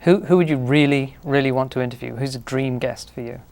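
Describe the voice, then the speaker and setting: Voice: mid-range voice, brisk, a little mellow. Co-host asking short prompting questions. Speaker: co-host interviewer. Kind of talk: casual interview chat.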